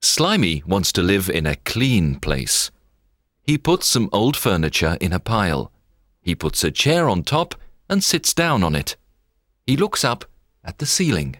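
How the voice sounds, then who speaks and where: Man, storybook narrator, very low voice, slow measured reading, dry studio sound. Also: no room sound. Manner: expressive, measured read-aloud delivery.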